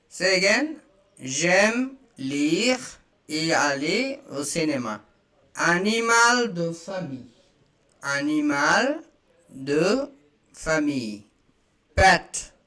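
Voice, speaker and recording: A man teaching a beginner lesson, slowly saying each phrase twice and explaining it in English. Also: on the high side, pushed and bright. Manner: slow, repeats each phrase, spells out examples. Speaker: French teacher. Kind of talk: slow beginner language lesson.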